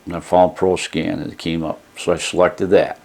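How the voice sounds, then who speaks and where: Low-voiced man rambling through a review. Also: little pitch movement, moderate pace, vocal fry, darkish tone, breathy edge. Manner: rambling folksy storytelling, retelling a phone call. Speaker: product reviewer. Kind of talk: casual spoken product review.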